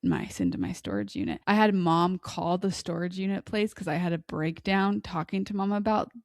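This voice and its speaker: A woman's voice: lowish voice, animated, moderate pace, dry recording, studio quality. A woman in her thirties co-hosting a podcast, telling long rambling stories in casual chat. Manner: chatty, rambling storyteller. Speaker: podcast co-host.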